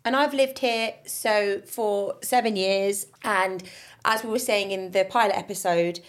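A woman's voice: medium pitch, unhurried. A young woman with an English accent, co-hosting a casual podcast chat and acting out stories in quoted voices. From England. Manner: animated storyteller who acts out quoted voices. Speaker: podcast co-host.

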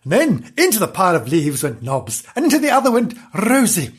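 A woman's voice: lowish voice, wildly swooping pitch, brisk, slightly rough. A woman telling a mock children's story with rambling, giggly asides.

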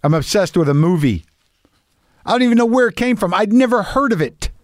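A man's voice: sits high, expressive, a little fast, dry recording, studio quality. Profane, rambling man hosting a podcast. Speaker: podcast host. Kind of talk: casual monologue.

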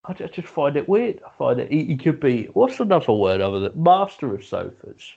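A podcast co-host with a slightly high, creaky, mellow voice and a breathy edge talks fairly quickly and very animatedly, captured on dull lo-fi audio. He jokes and laughs in casual conversation, often stammering and starting sentences over.

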